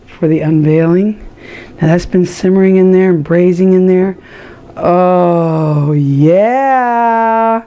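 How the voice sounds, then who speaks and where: A woman's voice: lowish voice, unhurried, warm tone, lo-fi sound, a little hiss or hum. A woman hosting a home cooking show, chatting to viewers with enthusiasm as she cooks. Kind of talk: casual cooking demonstration.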